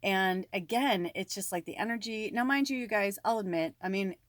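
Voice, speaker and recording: A woman telling a personal story to her viewers in a casual, animated way, with lots of fillers and frequent swearing. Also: mid-range voice, moderate pace, no room sound, studio quality. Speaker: spiritual medium.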